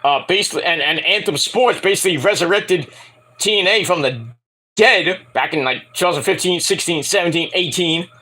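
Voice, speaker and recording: Young male reviewer, high bright voice, lively rambling delivery. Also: moderate pace. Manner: rambling, animated, mimics wrestlers in shouted bursts. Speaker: wrestling show reviewer. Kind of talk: casual solo review.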